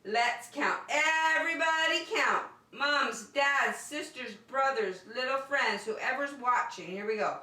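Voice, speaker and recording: A woman's voice: high-pitched, slow pace, few pauses, bright, forceful tone, distant mic. A woman leading an online circle time for young children from her home, in cheerful, sing-song teacher talk. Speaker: preschool teacher. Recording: echoey room, voice off-mic.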